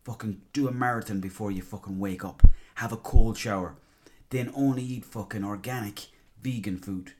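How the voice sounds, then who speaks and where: A man's voice: lowish voice, moderate pace, few pauses, a little hiss or hum, lightly acted. A man mimicking a bossy male fitness-obsessed podcaster who barks orders and swears. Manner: loud and commanding, sweary.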